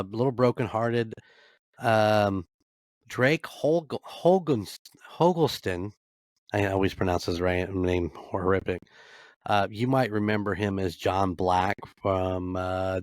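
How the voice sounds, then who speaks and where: A man's voice: on the low side, dry recording, studio quality. A middle-aged man hosting a podcast alone, giving a casual, blunt sports recap full of swearing and rambling asides. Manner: blunt, swears freely, rambling with many fillers. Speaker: podcast host.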